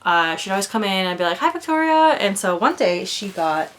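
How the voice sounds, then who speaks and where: A woman's voice: on the low side, fairly even intonation, a little fast, fairly bright tone. A young woman chatting casually in a doll vlog, rambling with lots of fillers and sometimes dropping to a whisper. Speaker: doll vlogger. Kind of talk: casual chat.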